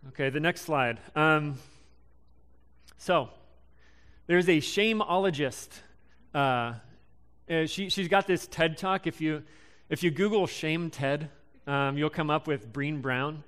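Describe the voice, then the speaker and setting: A young man in his twenties giving a casual sermon, halting and full of ums and restarts. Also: fairly high pitch, a bit bright, smooth. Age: young adult. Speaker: preacher.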